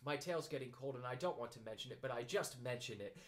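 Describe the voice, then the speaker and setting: A man's voice: medium pitch, lightly acted. Man voicing a gloomy grumbling old donkey. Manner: complaining, slow and mournful.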